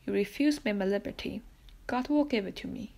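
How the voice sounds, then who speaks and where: A woman reading the lines of an elderly imprisoned male priest who insists he is not mad, in her own soft, slightly gravelly voice. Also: mid-range voice, brisk, lightly acted. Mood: scornful.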